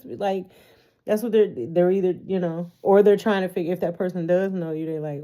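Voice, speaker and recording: A woman's voice: lowish voice, fairly even intonation, a little fast, dark tone. A woman giving a casual tarot reading to her viewers, talking animatedly, swearing freely and laughing often. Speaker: tarot reader.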